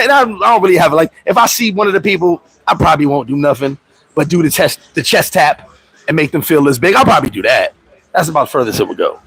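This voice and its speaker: Animated husky-voiced man chatting on a livestream. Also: a little high, no echo, low-quality recording. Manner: animated, laughs often, acts out little scenes in changed voices; loose street slang and profanity. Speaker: expat vlogger and livestream host. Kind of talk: casual livestream chat.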